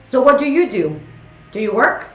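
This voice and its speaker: A slightly high, sing-song voice at normal speed belongs to a woman in her forties from France with a French accent. She playfully teases viewers by name in casual conversation with her live chat. Soft music plays in a roomy space, and the audio is dull.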